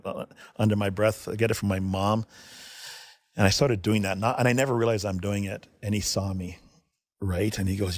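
A middle-aged man, a hockey video coach, telling animated, laughing anecdotes as a guest in a casual interview. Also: lowish voice, brisk, no room sound, clean studio sound.

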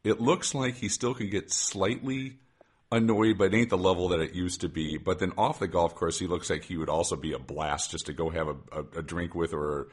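A podcast host chats loosely and eagerly, often tossing in "right?". His voice is deep and slightly husky. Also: fairly even intonation, moderate pace. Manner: enthusiastic, rambling, says "like" and "right?" often. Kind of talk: casual chat.

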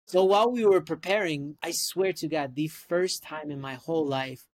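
Animated Canadian man telling stories. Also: fairly high pitch, moderate pace. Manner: animated storyteller, lots of "like" and "right?". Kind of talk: casual chat.

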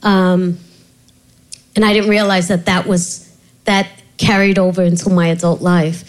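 A woman's voice: lowish voice, unhurried, low-quality recording. A middle-aged woman, an author and guest, telling her life story in an interview with many restarts. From Puerto Rico heritage. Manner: animated storyteller, laughs often, many restarts. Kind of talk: candid interview conversation.

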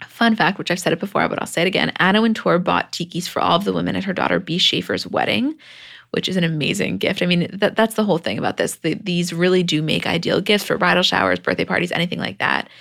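Gravelly low-voiced woman podcast co-host. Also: quick pace, fairly bright tone. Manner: chatty recapping with fillers and laughs. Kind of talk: casual chat and ad read.

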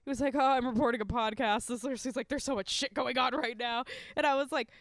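A woman in her thirties hosting a podcast, chatting casually in an excitable, gushing way and swearing freely. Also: fairly high pitch, fast, no room sound, studio quality. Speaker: podcast host. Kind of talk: casual chat.

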